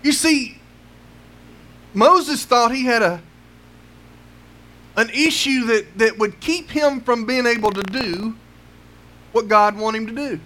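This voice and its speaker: A man's voice: very high voice, takes it slowly, pauses often, sharp tone. A man preaching a sermon, pressing his listeners with rhetorical questions and repeating words as he builds his point.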